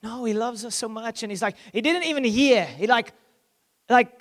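Man, pastor, very high voice, impassioned sermon, loud-to-hushed swings, acts out scripture characters. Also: animated, moderate pace, in a large hall.

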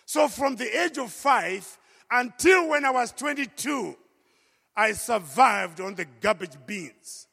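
A man with a strikingly high, gravelly voice tells his own story to an audience as a testimony. He speaks emphatically and at times breaks into a shout. His words ring out with the long reverb of a large hall. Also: lively intonation, takes it slowly. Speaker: speaker giving a personal testimony.

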